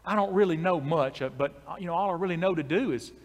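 A man doing a humble, halting old farmer. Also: fairly high pitch, big-room sound. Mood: bashful. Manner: halting, stammering, homespun. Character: humble soft-spoken old male farmer in his sixties.

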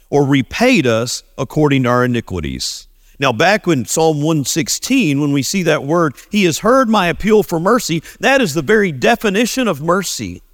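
Lively, earnest preaching man. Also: dry recording, clean studio sound. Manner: earnest preaching, slows down and drops low on key phrases. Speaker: pastor. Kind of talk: sermon.

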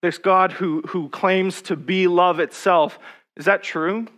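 A man preaching a sermon, reading scripture slowly and then pressing personal questions with rising intensity. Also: high voice, fairly even intonation, a bit bright.

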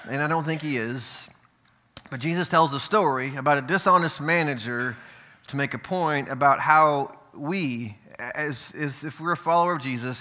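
A man preaching a sermon as pastor. He reads scripture slowly and deliberately, and between readings he talks to the congregation in a loose, conversational way, often checking in with "right?". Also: fairly high pitch, bright, forceful tone.

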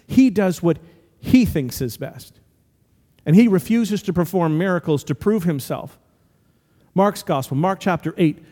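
A man preaching a sermon as pastor, animated and acting out voices as he tells stories. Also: a little high. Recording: long hall reverb.

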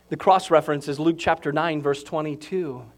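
A man preaching a sermon to his congregation, moving from calm explanation to loud, excited proclaiming. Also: fairly high pitch, a little slow. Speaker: pastor.

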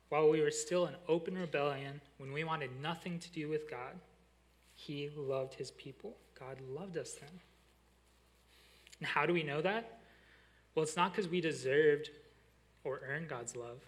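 A young adult man, a college pastor, preaching a sermon and telling a lively story that slows and softens on its key lines. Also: a little high.

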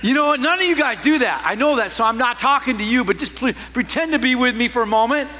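A man preaching a sermon as a pastor, telling a personal story with animated swings from loud to hushed. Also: very high-pitched, fast talker, long reverb tail.

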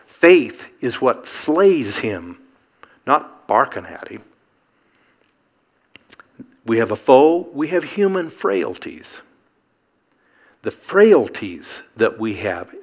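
A man's voice: lowish voice, expressive, a little slow. A middle-aged man preaching a sermon, earnest and emphatic, building to rhetorical questions.

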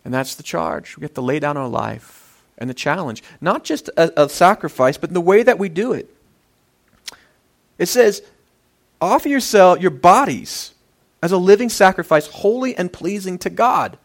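High-voiced man preaching a sermon. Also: lively intonation, moderate pace, gravelly. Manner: earnest preaching, voice swelling and dropping for emphasis. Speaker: pastor.

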